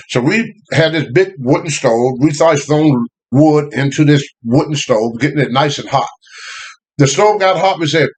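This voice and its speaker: An older man with a drawl tells stories from his childhood in a loose, animated way, laughing as he goes. His voice sits a bit high for a man and swings widely in pitch as he acts out the people in his stories. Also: normal speed. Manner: animated, laughing, Southern US phrasing. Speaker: guest storyteller. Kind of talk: casual storytelling.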